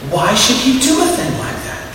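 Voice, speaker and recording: A man's voice: very high voice, very animated, normal speed, background noise, voice pushed up. A man voicing a young, naive little angel who asks incredulous questions in a raised voice. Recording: echoey hall from far off.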